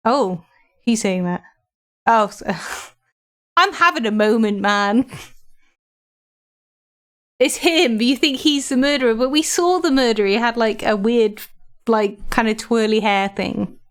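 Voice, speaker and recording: A woman's voice: on the high side, slow pace, long pauses. A woman streamer giving chatty, giggly commentary while playing a game, with faint game music behind her.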